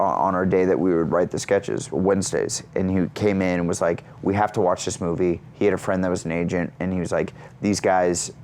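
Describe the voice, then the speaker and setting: Excitable man telling a story. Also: slight background noise. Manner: energetic, self-mocking, squeals into high voices for quoted lines. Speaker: actor and comedian, guest. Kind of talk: animated storytelling in an interview.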